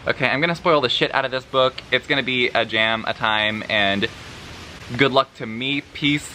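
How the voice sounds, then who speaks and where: A man's voice: mid-range voice, normal speed, bright, forceful tone, slight background noise. A man vlogging a book review, sarcastic and dramatic, swearing freely and laughing between remarks. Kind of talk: casual vlog review.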